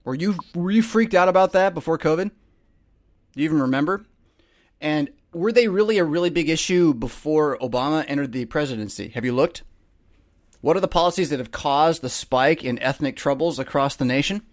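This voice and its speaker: A man's voice: on the high side, brisk, no echo, clean studio sound. A middle-aged man from the United States, a pastor hosting a livestream show, talking in a casual sermon-like way, emphatic and full of rhetorical questions. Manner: animated, emphatic, rhetorical questions, many restarts.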